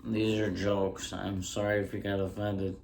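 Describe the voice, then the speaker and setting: Casting: man, low monotone delivery, rambling deadpan stand-up at home, faint noise in the room. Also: a little slow, gravelly. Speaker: stand-up comedian. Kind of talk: casual ASMR stand-up bit. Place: indoors at home. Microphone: handheld mic close up.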